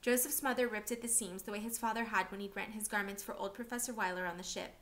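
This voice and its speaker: A woman reading a novel aloud for a class, steady and expressive. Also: mid-range voice, quick pace.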